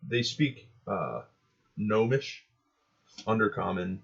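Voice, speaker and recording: A man voicing a weary little gnome prisoner who speaks in halting, unsure bursts in a tabletop game. The voice sits very low and the audio is dull and lo-fi. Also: very animated, creaky, faint music behind, full character voice. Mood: hesitant. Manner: hesitant, halting.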